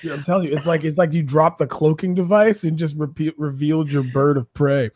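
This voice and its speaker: A man's voice: fairly high pitch, steady tone, brisk, darkish tone. A man co-hosting a podcast, chatting casually with nerdy jokey asides. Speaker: podcast co-host. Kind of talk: casual chat.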